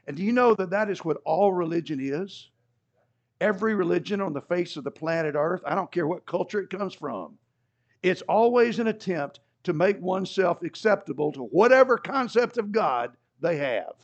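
A man's voice: sits high, lively intonation, normal speed. A man preaching a sermon in a conversational way, with asides and dry humor, heard on a dull lo-fi recording. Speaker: pastor.

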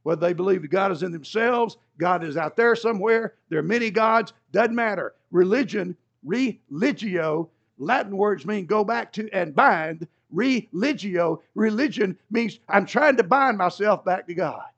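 A man's voice: sits high, lively intonation, normal speed, gravelly, hardly any pauses, a bit bright. A man preaching a sermon in a conversational way, with asides and dry humor, heard on a dull lo-fi recording. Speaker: pastor.

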